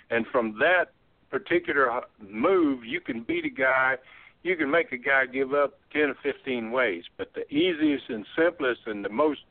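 A man's voice: medium pitch, creaky, dry recording. A man, a former wrestler telling folksy stories in casual chat. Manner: drawling, folksy, laughs while telling stories. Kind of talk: casual storytelling. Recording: tinny phone-like line, dry.

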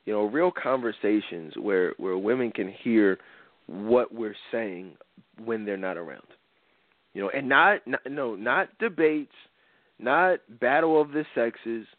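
A man's voice: mid-range voice, dry recording. A man hosting a talk radio show, talking in an earnest, emphatic way and repeating words as he builds his point. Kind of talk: casual talk radio chat. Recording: tinny phone-like dry sound.

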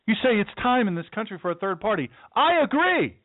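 A man's voice: high voice, quick pace, no room sound. A male talk show host delivering an impassioned political monologue from his studio, emphatic and repetitive, often stammering and restarting as he pushes his point. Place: home studio. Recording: dry, tinny phone-like sound.

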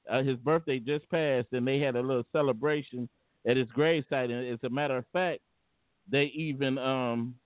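A man with a mid-range voice hosts a casual call-in talk show, speaking haltingly, stammering, repeating words and laughing often. The sound is a dry, tinny phone-like line with no room sound.

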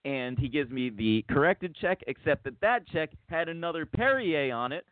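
A man's voice: on the high side, lively intonation, normal speed, no echo. Guy hosting a podcast, rambly chatty storyteller, tinny dry phone sound. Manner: rambling, lots of restarts, acts out quotes. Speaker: podcast host. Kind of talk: casual storytelling chat.

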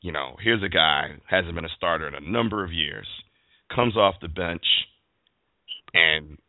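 A man's voice: low-pitched, unhurried, gravelly, dry recording. A man hosting a sports talk show, ranting emphatically about football. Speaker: show host. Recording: dry phone-like line.

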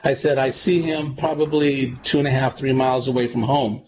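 A man's voice: mid-range voice, level tone, normal speed. A man, a psychic medium guest, telling long earnest stories in a casual interview, with frequent fillers and restarts. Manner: rambling, earnest, many fillers. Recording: dull lo-fi with clear background noise.

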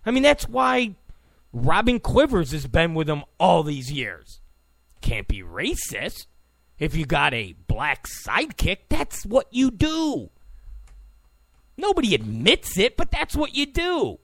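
A man's voice: high-pitched, wildly swooping pitch, slow pace, gravelly, a bit bright, no room sound. A man hosting a political talk show, delivering an opinionated, sarcastic monologue full of stammering restarts.

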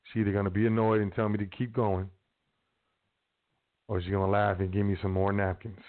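This South Side Chicago host delivers rambling, slangy advice on his show with a flat delivery at a slightly quick pace. He has a somewhat low voice, heard through thin, boxy, phone-like sound.

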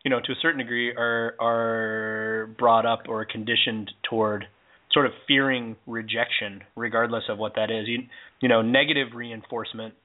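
A man's voice: mid-range voice, steady tone, normal speed. Man rambling over a phone line. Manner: rambling, hedging with "you know" and "like". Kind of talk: casual radio chat. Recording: tinny phone-line sound.

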